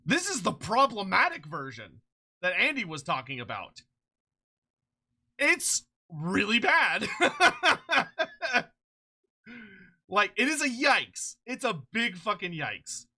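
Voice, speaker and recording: A streamer chatting casually on a live stream, excitable and rambling, swearing freely and laughing often, short on sleep. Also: mid-range voice, a little slow. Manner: rambling with frequent restarts.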